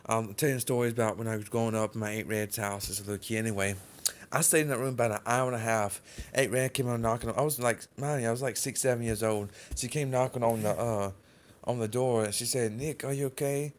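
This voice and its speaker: A man's voice: mid-range voice, steady tone, quick pace. A man hosting a livestream, telling a long personal story in a loose, rambling way. He keeps calling his viewers "guys" and speaks with informal grammar and plenty of fillers. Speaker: livestream host.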